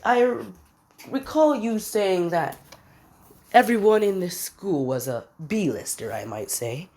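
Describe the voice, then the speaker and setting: A woman's voice: medium pitch, lively intonation, takes it slowly, a little mellow, pitched above the performer's own voice. A woman voicing a cold, cruel young male frost demon who talks down to everyone in a drawling, condescending way, within a fan-made story retelling. The lines come in a casual, homemade read. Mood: sneering.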